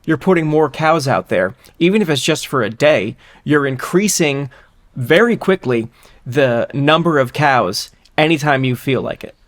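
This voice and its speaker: A man's voice: mid-range voice, lively intonation, moderate pace. A man co-hosting a podcast, reasoning through a hypothetical in casual, rambling chat with a wry edge. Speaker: podcast co-host.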